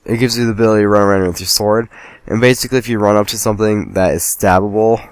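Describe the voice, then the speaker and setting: A man's voice: fairly low pitch, fairly even intonation, fast talker, clean tone, no room sound. A man casually commenting on a game as he plays, rambling and joking at himself. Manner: rambling, joking, self-deprecating. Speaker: let's play host.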